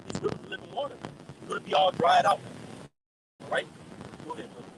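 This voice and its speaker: A man street preaching outdoors, reading scripture aloud and then explaining it emphatically, often pausing to check for agreement. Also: very high-pitched, animated, gravelly. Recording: loud street noise with passing traffic.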